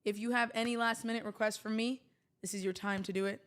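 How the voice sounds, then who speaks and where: A woman's voice: on the high side, fairly even intonation, fast talker. A woman hosting a livestream, talking casually to her viewers in a chatty, rambling way with jokey asides. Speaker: livestream host.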